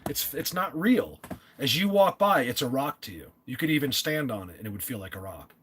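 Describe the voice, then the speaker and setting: A man with a New Jersey accent hosting a live stream, talking emphatically, yelling at times and stumbling over restarts. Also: medium pitch, animated, a little fast, slight background noise. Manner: emphatic, yells, stammering restarts. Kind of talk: excited live-stream talk. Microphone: phone at a desk.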